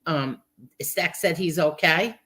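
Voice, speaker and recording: A woman's voice: sits low, takes it slowly, bright, forceful tone. A woman co-hosting a casual livestream podcast, speaking in an emphatic, indignant way. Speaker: podcast co-host.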